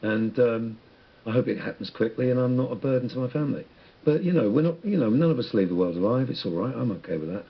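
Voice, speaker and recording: A man's voice: medium pitch, expressive, fast talker, breathy edge, muffled recording. A man guest on a radio interview, speaking in a rambling, reflective way with many restarts. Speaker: musician guest.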